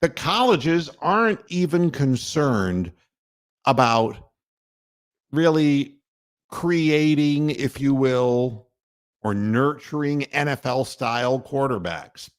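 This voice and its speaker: A man's voice: mid-range voice, animated, takes it slowly. A man hosting a sports radio show, delivering a heated, profane and sardonic rant. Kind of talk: ranting sports talk monologue.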